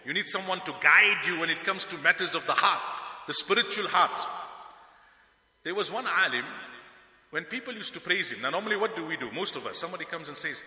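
A man's voice: on the high side, fairly quick. A man giving a sermon as a preacher, telling stories with animation and acting out the people he quotes. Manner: animated storytelling, acts out quoted speakers. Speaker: Islamic preacher. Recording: echoey hall with long reverb.

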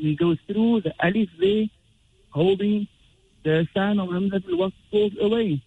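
A man teaching Quran recitation rules, explaining slowly and chanting drawn-out example verses. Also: sits high, breathy edge. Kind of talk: tajweed lesson with recited examples. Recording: tinny phone-like radio sound.

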